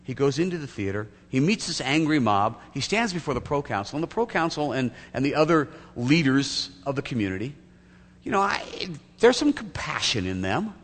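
A man's voice: mid-range voice, big pitch swings, a little fast. A man preaching a sermon as pastor, telling a story vividly and acting out its scenes. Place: church sanctuary. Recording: echoey hall, faint hum.

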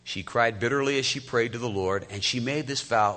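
A man in his fifties preaches a sermon as a pastor, talking in a conversational way and putting questions straight to the listeners. His voice is bright and forward. A long echo hangs behind him from a large hall. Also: mid-range voice, fairly quick, hardly any pauses. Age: 50s. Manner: conversational, asks the congregation direct questions. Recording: echoey hall.

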